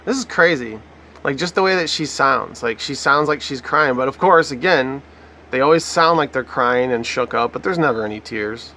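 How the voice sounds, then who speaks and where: A man's voice: medium pitch, expressive, moderate pace, pushed and bright, a little hiss or hum. A man giving sarcastic, profane commentary over a news clip. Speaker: online commentator.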